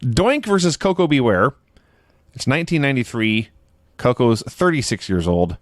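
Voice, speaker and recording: Podcast guy telling it dry and wry, lively voice, dead dry mic. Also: medium pitch, normal speed, no room sound. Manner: dry, wry storytelling, laughs often. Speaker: podcast co-host. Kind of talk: casual chat recapping shows.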